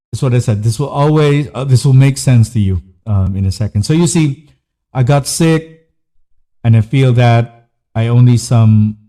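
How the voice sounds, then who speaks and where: A man with a deep, very mellow and dark timbre, speaking at a middling pitch. He hosts a podcast and tells a personal story in an earnest, candid manner, with short phrases lined up one after another. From Philippines. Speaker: podcast host.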